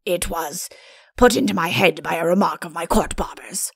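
A woman's voice: on the low side, normal speed, creaky, husky, no echo, clean studio sound, pitched below the performer's own voice. A woman voicing a vain, good-natured male king in a storybook reading. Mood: self-important.

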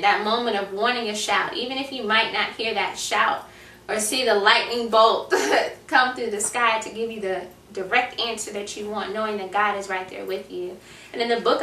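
A woman's voice: medium pitch, sharp tone, echoey room, recorded from a distance. A young adult woman hosting a faith-based talk show, speaking earnestly and prayerfully with many fillers. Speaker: host.

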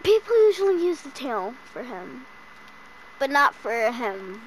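A woman hosting a casual game item shop rundown, hiccuping and listing items excitedly while stumbling over names. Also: sits high, measured pace, slight background noise, low-quality recording. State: has the hiccups. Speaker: gaming channel host.

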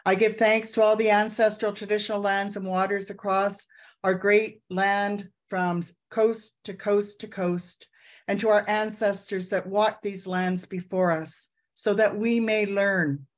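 An older woman in her sixties from Canada speaks at an unhurried, measured pace. She gently guides listeners through slow breaths and reflective closing words. Her voice sits at an ordinary pitch and comes through a video call. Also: steady tone. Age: 60s. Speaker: elder giving closing words.

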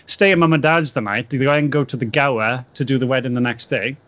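A man telling a funny anecdote in a casual, animated way, laughing as he goes. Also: medium pitch, brisk, dry recording. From England. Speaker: podcast guest, wedding photographer. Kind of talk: casual storytelling.

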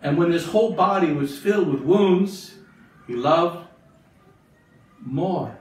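A man's voice: a little high, lively intonation, slow, long pauses. A man, a bishop, giving a catechism talk to religious sisters, asking his listeners questions and repeating phrases for emphasis. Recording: very echoey room, mic far off.

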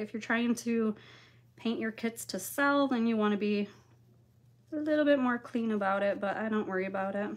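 A woman hosting a live craft-painting tutorial from her home craft room, chatting and greeting viewers by name while she works, now and then clearing her throat. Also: mid-range voice.

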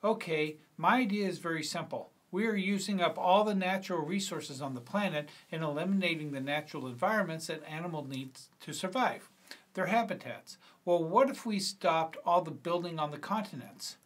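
A man's voice: a little high, normal speed, natural voice. A man reading a screenplay aloud, voicing an eager, earnest teenage schoolboy.

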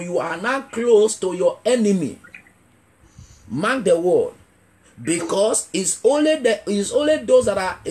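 Male evangelist preaching emphatically. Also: sits high. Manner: call-and-response questioning, repeating key phrases; emphatic, builds to shouting. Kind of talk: revival sermon.

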